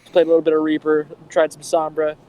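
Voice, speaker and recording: A man's voice: a little high, monotone, fast, warm tone, clear, resonant tone, poor audio. A man giving his firm opinions as a guest in a casual gaming interview. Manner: opinionated, emphatic. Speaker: team player, guest. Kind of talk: casual chat over voice call.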